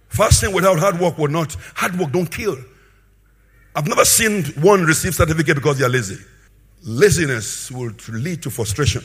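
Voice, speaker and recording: A man with a husky, somewhat high voice preaches a sermon at normal speed. He swings between loud, emphatic bursts and quieter asides.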